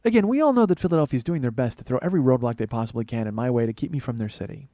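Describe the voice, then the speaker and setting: A man's voice: medium pitch, animated, very fast, dark tone, no echo. A man telling a comic story as a podcast host, profane and ranting with mock paranoia.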